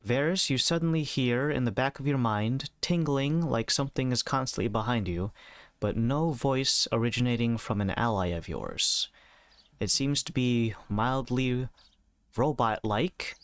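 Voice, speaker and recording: A man running a tabletop game as game master, narrating the scene in a measured, descriptive way over a voice call. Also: mid-range voice, no echo.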